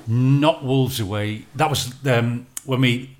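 A man guesting on a podcast, a radio football commentator answering questions in relaxed casual chat. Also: mid-range voice, slow pace.

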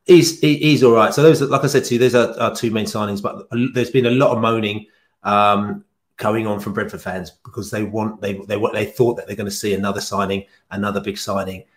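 A man talks casually as a podcast guest, low in pitch. He rambles from point to point with plenty of fillers and restarts. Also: fairly even intonation. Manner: chatty and rambling, with frequent fillers and quick laughs.

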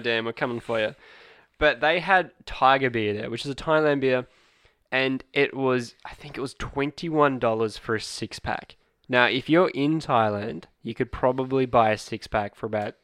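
A man's voice: medium pitch, normal speed, a bit bright, clear, resonant tone, no room sound, clean studio sound. A man with an Australian accent, rambling and laughing through a casual chat as a podcast co-host.

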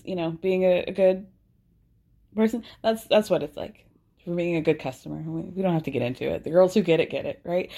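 Sassy, animated woman recapping gossip. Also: medium pitch. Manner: sassy and animated, with sarcastic asides. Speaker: recap podcast host.

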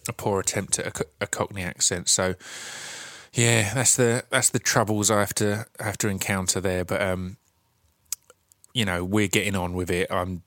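A man with an Essex accent, from Essex, England, hosts his podcast with a casual solo intro, rambling chattily with lots of fillers and restarts. His voice is low and fairly bright, with fairly even intonation at a normal speed. The recording is studio quality with no room sound.

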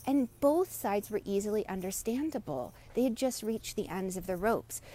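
Gentle woman leading a meditation. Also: medium pitch, lively intonation. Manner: gentle, inviting, unhurried guidance. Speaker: meditation teacher. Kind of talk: live-streamed guided meditation talk.

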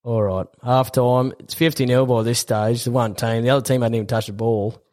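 A man's voice: mid-range voice, steady tone, fairly quick, darkish tone. Laid-back young Australian man. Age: 20s. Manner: laid-back, laughs while telling jokes. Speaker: podcast guest. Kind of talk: casual podcast chat.

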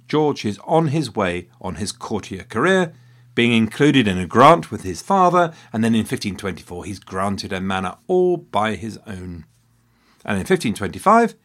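A man hosting a history podcast, giving a scripted narration in a lively storytelling manner with wry asides. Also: on the low side.

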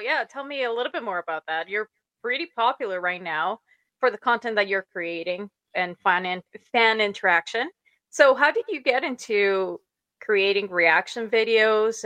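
A woman's voice: medium pitch, normal speed, a bit bright, no echo. A woman hosting a podcast interview, asking easygoing follow-up questions.

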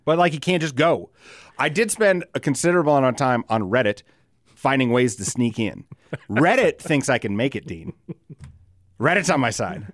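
In casual chat, a podcast co-host rambles, swears and often breaks into laughter. His mid-range voice is expressive and moves at a moderate pace. The studio sound is clean, with no echo.

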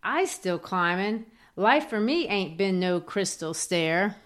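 A woman reading a poem in the voice of a weary, persevering mother advising her son, slowly and earnestly. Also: medium pitch, animated.

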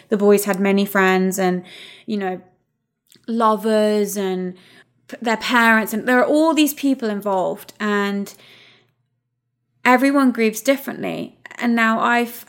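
A woman co-hosting a casual chat, speaking in a halting, reflective way with many pauses. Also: medium pitch. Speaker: podcast co-host.

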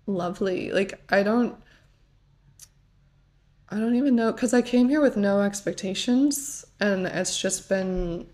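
A woman's voice: mid-range voice, measured pace, a little mellow. A young woman from the United States, a guest on a podcast, chatting casually with lots of "like" and self-corrections. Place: pub.

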